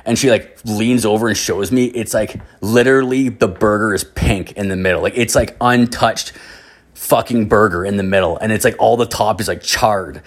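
A man's voice: fairly low pitch, normal speed. A young man from Canada, telling a rambling, profane story in casual chat, full of filler words.

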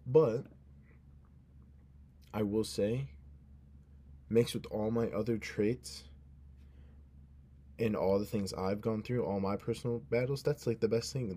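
A young man hosts a casual solo podcast, his mid-range voice warm in tone. He sounds drowsy, earnest and rambling, often cutting himself off mid-thought.

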